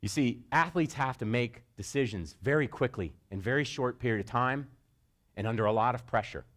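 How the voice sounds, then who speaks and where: A middle-aged man giving a motivational talk to sports parents, telling stories and jumping into high shouted voices for quotes. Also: a little fast. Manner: animated storyteller, jumps into high-pitched shouted voices for quotes. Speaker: speaker.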